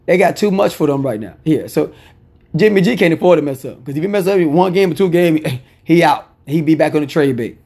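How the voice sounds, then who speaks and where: Gravelly-voiced man giving football picks. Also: a little high, brisk. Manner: animated, opinionated, repeats phrases for emphasis. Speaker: sports picks commentator. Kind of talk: casual football betting picks.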